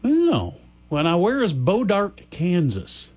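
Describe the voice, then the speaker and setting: A man's voice: high voice, huge pitch swings, slow pace, darkish tone. A man hosting a call-in radio swap show, folksy and stammering when flustered. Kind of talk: casual call-in radio chat.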